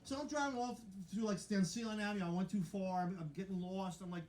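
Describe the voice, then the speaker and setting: Male stand-up comic, high voice, rambling self-mocking delivery, laughs at his own jokes, roomy live venue sound. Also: fast, hardly any pauses, darkish tone, slight background noise. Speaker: stand-up comedian. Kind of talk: stand-up comedy set. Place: live comedy venue with audience.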